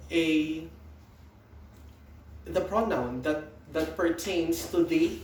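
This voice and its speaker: A man with a Filipino accent teaches a class, slowing down to explain each point and stopping to ask his students questions. His voice sits a little high, and it comes from some distance off the mic. The room around him is echoey, with a faint hiss of ambience underneath. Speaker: lecturer. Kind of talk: recorded lecture. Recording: roomy echo, distant mic.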